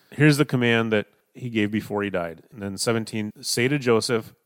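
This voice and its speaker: Male preacher, lowish voice, teaching scripture verse by verse, dry close sound. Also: dry recording. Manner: explains verse by verse, shifts between emphatic and hushed. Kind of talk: Bible teaching sermon.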